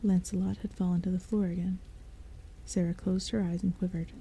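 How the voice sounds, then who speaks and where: A woman reading a novel aloud as a soft-spoken bedtime story, in a soft, breathy half-whisper. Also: fairly low pitch, flat delivery, brisk, low-quality recording. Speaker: audiobook reader. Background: soft rain and thunder.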